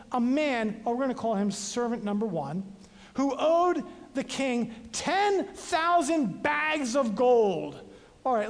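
Lively preacher with booming hall reverb. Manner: dramatic Bible reading with sudden loud and soft swings; conversational asides to the congregation. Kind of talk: sermon. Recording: long reverb of a large hall.

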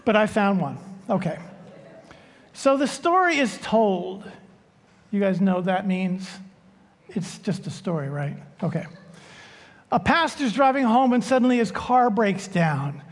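A man preaching a sermon as pastor, telling a joke in a relaxed, unhurried way before the scripture reading. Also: sits high. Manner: unhurried, joking storyteller. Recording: long church reverb.

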